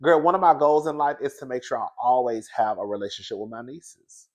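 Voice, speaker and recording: A man giving casual commentary on a reality show in an animated, chatty way, laughing often and calling the listener girl. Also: mid-range voice, a little fast. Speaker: reality TV reviewer.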